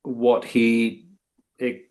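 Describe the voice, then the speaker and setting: A man's voice: medium pitch, monotone, extremely slow, a little mellow. A man, a guest author, talking in a casual interview, hesitant and full of restarts. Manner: hesitant, many ums and restarts.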